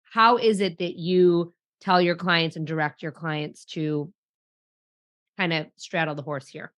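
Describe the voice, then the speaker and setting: Raspy deep-voiced woman host. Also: fairly even intonation, a little slow, a bit bright, no echo, studio quality. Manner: long, rambling questions. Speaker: podcast host. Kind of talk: interview questions.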